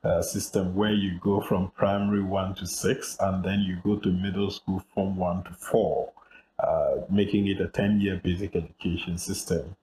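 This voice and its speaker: A Ghanaian man in his fifties, a journalist answering interview questions in a measured, reflective way from his office. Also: low voice, level tone, mellow, echoey room, a little hiss or hum, poor audio. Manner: measured, reflective, with frequent fillers. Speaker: guest journalist. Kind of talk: interview over a remote call.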